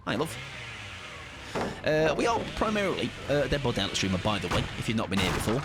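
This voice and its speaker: A man's voice: medium pitch, huge pitch swings, fast talker, loud music behind the voice. A man, chatting playfully while live-streaming a game and greeting viewers. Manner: playful, chatty, jokey asides. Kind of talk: casual live-stream commentary.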